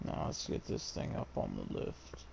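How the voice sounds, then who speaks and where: A man with a sore, hoarse throat gives blunt, offhand commentary while working in a car repair shop. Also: normal speed, background noise. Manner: blunt, offhand, mildly swearing. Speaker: vlogger. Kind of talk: casual running commentary.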